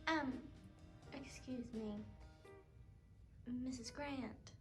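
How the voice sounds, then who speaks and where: Brief: woman as a deadpan, polite staffer, unhurried delivery. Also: high voice, faint music behind, full character voice. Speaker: bank or show staffer delivering bad news.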